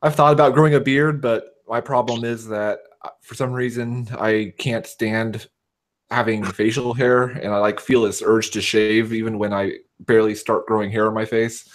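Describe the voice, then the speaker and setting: West Coast American man, lowish voice, hesitant casual chatter. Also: little pitch movement. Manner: hesitant, halting, many uh fillers. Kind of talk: casual chat.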